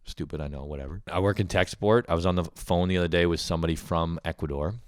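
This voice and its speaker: A man's voice: deep voice, fairly even intonation, quick pace, no echo, studio quality. A man hosting a podcast, ranting casually and profanely, rambling with lots of "like" fillers. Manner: rambling, profane, heavy use of "like". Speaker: podcast host. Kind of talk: casual comedic rant.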